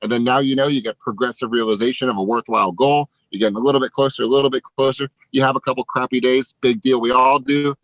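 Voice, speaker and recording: Man, energetic motivational talk, emphatic, dry close sound. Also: medium pitch, fast talker, hardly any pauses, no echo, rough recording. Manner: energetic, emphatic, swears casually. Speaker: real estate team leader.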